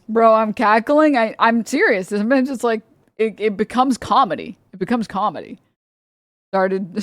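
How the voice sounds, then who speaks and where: A woman's voice: lowish voice, no echo. Rambling woman streamer, dry sound. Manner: rambling, heavy on "like", profane, laughs often. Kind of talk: casual livestream rant. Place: home streaming setup.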